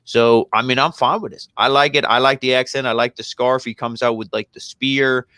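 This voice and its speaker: Male co-host, mid-pitched, laid-back rambler, dry close sound. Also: normal speed, no room sound. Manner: relaxed, rambling, heavy on fillers like "you know" and "I mean". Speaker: co-host of a wrestling review show. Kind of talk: casual podcast chat.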